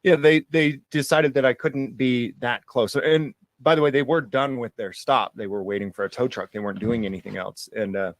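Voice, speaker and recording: A man's voice: mid-range voice, moderate pace, few pauses, dry recording. A man recounting an incident in a casual, easygoing way, laughing off grim events. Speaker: police accountability guest. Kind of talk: casual storytelling.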